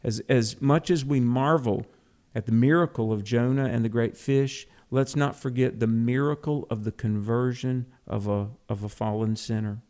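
A man's voice: mid-range voice, fairly even intonation, normal speed, mellow. A man co-hosting a conversational Bible teaching, earnest, explaining terms and often repeating words as he starts a thought.

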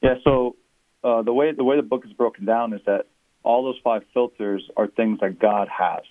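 A man who is a pastor and author, speaking as an interview guest and explaining his views in an earnest, measured way. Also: mid-range voice, steady tone, no echo. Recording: tinny phone-line sound.

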